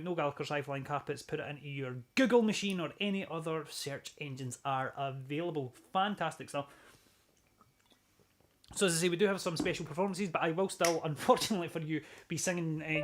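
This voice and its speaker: A man from Scotland hosting a live-streamed music show, casually reading out viewer comments, joking and breaking into bits of song. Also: a little high. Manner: chatty, jokey, swears, sings snatches of songs.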